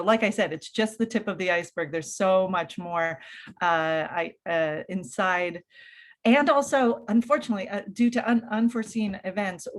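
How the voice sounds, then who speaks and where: A woman hosting a storytelling event, speaking loosely with frequent filler words as she introduces the next storyteller. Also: medium pitch. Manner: loose and chatty with many fillers. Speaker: host of a storytelling show.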